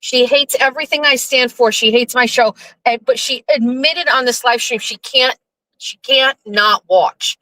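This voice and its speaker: A middle-aged woman hosting a casual live stream, rambling, profane and animated, talking from her car in a driveway. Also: fairly high pitch, unhurried, dry recording, rough recording.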